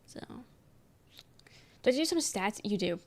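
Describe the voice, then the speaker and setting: A woman's voice: mid-range voice, expressive, measured pace, darkish tone. A young adult woman streaming and chatting casually with her viewers, reading their messages aloud and rambling with lots of "um" and "like" and casual swearing. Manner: rambling, filler-heavy, swears casually, frequent "um".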